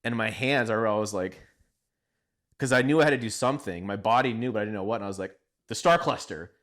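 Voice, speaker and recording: A man, a military veteran, recalling combat in casual conversation, halting and emotional, often laughing as he remembers. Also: on the low side, fairly bright tone.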